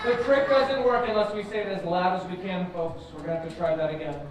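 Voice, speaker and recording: A man's voice: high-pitched, fast, a little hiss or hum. A man performing as a children's magician at a live orchard show, playful and chanting, with mock surprise. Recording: distant, echoey, with music and crowd.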